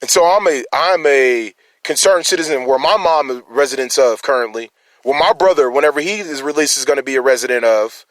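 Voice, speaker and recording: A concerned citizen with a medium-pitched voice speaks a little fast on a dry recording. His emotional personal monologue rambles and keeps restarting as he challenges his listeners.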